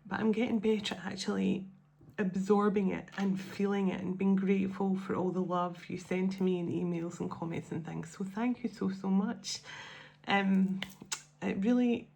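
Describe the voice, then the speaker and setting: A woman's voice: mid-range voice, steady tone, normal speed, vocal fry, dark tone, a little hiss or hum. A woman hosting a spiritual tarot channel, talking to her viewers at home in a casual, heartfelt and emotional way, often restarting her sentences. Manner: emotional, rambling, with many restarts.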